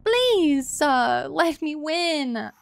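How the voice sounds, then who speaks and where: A woman's voice: sits high, very animated, drawn-out words, no room sound. A young woman giving emotional live commentary on a game she is streaming, exclaiming, pleading and swearing.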